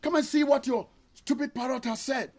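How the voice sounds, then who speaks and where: A man's voice: extremely high pitch, fairly even intonation, moderate pace, darkish tone, voice pushed up. A man voicing an insulted male customer who indignantly complains about a rude parrot.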